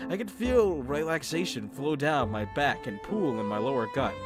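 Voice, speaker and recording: A man reading a visual novel aloud with joking commentary, laughing at himself and dropping low for the narration. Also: animated, moderate pace. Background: game music.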